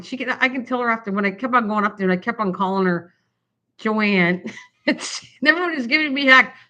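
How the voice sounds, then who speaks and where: An older woman rambles cheerfully to her livestream viewers about crafts, with a bright, sharp edge to her voice. Her talk wanders and breaks into laughs. The sound is dull and lo-fi, as if picked up by a camera's built-in mic at home. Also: mid-range voice. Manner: chatty, rambling, often laughing. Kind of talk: rambling casual livestream chat.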